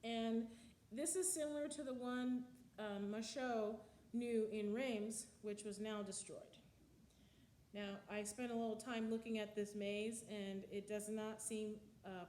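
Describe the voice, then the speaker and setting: A woman's voice: mid-range voice, fairly even intonation, measured pace, a little mellow, roomy sound, slight background noise. A woman teaching music history in a slide lecture, explaining with frequent ums and counting out the beats.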